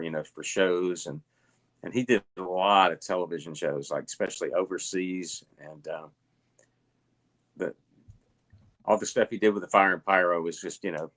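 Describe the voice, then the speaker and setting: A middle-aged man with a Southern US accent, telling stories at a relaxed pace with lots of fillers as a guest in an interview. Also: sits low. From Alabama. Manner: rambling, relaxed storytelling with many fillers. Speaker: guest, illusionist. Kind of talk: casual interview chat.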